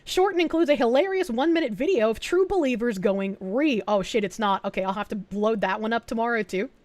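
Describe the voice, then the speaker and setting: Chatting casually on stream, a woman reads viewer messages aloud and thanks her donors, swearing a lot and getting excited. She talks briskly in a fairly high voice. There is no room sound.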